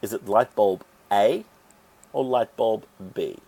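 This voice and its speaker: A man teaching an English grammar lesson, explaining rules step by step and sounding out syllables deliberately. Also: lowish voice, vocal fry, mellow.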